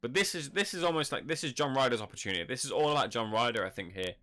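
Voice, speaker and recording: A man hosting a live boxing reaction stream, talking in a chatty, rambling, animated way. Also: medium pitch, racing. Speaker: boxing channel host. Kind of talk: live fight reaction commentary.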